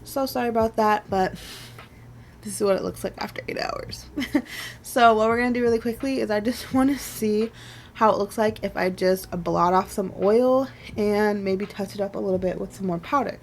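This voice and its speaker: Young woman beauty vlogger, mid-pitched, loose and chatty, faint hiss behind. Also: fairly quick. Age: 20s. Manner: chatty and rambling, many "like"s and soft laughs. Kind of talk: casual makeup wear-test chat.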